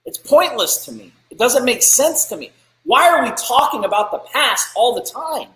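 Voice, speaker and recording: High-voiced, blunt motivational host in an echoey room. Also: male voice, lively intonation, normal speed, sharp tone. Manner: blunt, profane, preachy, fired-up. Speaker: business podcast host. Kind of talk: live-streamed motivational rant.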